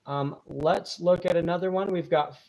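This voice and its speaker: A man's voice: fairly high pitch, steady tone, normal speed, creaky. Rambling, grateful man hosting a live stream. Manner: rambling, hesitant with many fillers and restarts; warm and grateful toward viewers. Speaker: channel host reading viewer donations. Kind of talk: casual live-stream chat.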